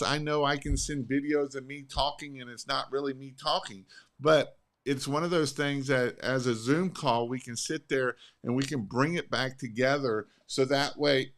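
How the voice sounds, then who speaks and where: A man hosting a podcast, coaching on sales in an energetic, emphatic way and repeating his points. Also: mid-range voice. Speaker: podcast host. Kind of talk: casual sales coaching chat.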